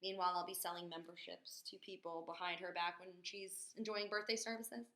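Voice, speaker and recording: A woman giving a chatty, energetic sales training webinar from a corporate office, with plenty of fillers. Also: fairly low pitch, fairly quick. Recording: echoey room.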